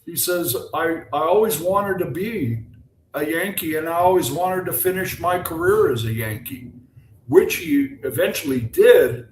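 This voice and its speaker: An older man tells stories over a video call, animated and conversational. His voice sits a little high. The room around him is echoey. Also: measured pace, slight background noise. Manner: animated anecdote teller, acts out quotes. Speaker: guest, former baseball pitcher. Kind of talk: casual storytelling.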